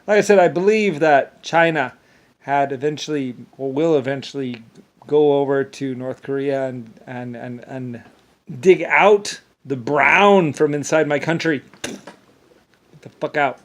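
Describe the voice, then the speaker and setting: A man's voice: medium pitch, a little slow. A man in a rambling, angry monologue that keeps repeating itself and often stumbles over restarts. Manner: angry, repetitive ranting with profanity.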